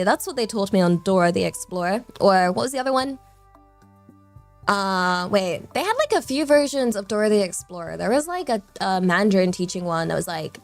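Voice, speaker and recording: A woman's voice: medium pitch, lively intonation, moderate pace, soft background music. A young woman streamer chatting casually, rambling and giggling often. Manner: rambling, giggly, self-deprecating.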